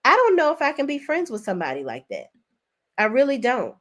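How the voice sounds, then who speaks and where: A woman hosting a casual reality TV recap, sassy and expressive, laughing often, with big swings in pitch. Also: fairly quick. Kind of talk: casual commentary with live chat.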